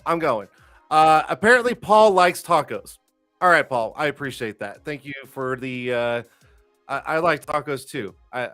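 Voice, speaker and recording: High, bright-voiced man hosting a live stream. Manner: loose, profane and jokey, with many fillers and restarts. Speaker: livestream talk show host. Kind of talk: casual live-stream chat.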